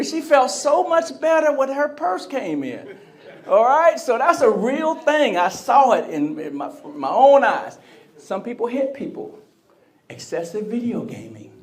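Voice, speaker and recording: A man delivering a motivational keynote in a convention center hall, his voice sitting a bit higher than most men's. He speaks with energy, keeps checking in with the crowd, and drops into other people's voices to act out little scenes. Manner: energetic, call-and-response with the crowd; acts out quoted voices. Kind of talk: live keynote speech to an audience.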